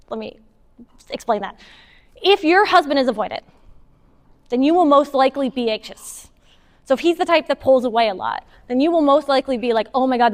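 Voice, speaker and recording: A woman giving a casual, animated talk to a moms' group, taking audience questions and acting out what partners say. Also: sits high. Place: meeting hall with an audience. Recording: long hall reverb.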